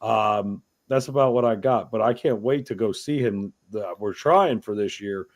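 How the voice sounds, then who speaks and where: A man's voice: lowish voice, moderate pace. A man from New York hosting a podcast, talking in a crude, rambling, profane way. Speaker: podcast host. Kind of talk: casual chat.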